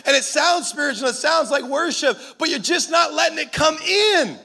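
A man with a strikingly high voice, gravelly at the edges and bright in tone. He preaches a sermon as a pastor, with impassioned, punchy delivery. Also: expressive, normal speed, hardly any pauses.

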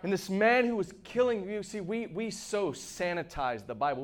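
A man preaching a sermon with passion, moving between shouts and hushed asides. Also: high voice, big pitch swings, moderate pace.

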